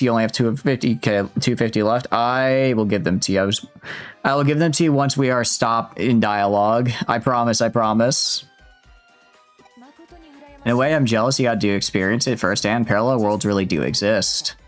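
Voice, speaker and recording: Joking young man streaming a game. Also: mid-range voice. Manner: jokey, chatty, reads lines out with asides to chat. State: sore throat. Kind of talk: casual let's-play commentary, reading game dialogue aloud.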